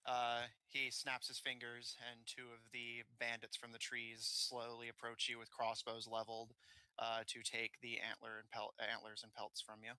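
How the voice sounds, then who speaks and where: A man narrating as game master of a tabletop game, filling pauses with frequent "uh"s. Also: mid-range voice, monotone, bright, forceful tone, smooth, dry recording, low-quality recording. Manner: hesitant, many "uh" fillers.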